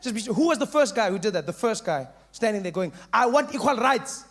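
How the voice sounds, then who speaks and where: A man's voice: high voice, fast, slight background noise. A South African man doing stand-up, telling stories with punchy asides. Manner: animated storytelling with punchy asides. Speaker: stand-up comedian. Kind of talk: stand-up comedy.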